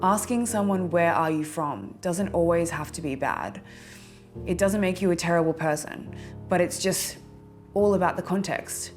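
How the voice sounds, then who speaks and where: Young woman, low pitch, earnest and measured, faint music under. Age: young adult. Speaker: interviewee. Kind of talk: candid testimonial.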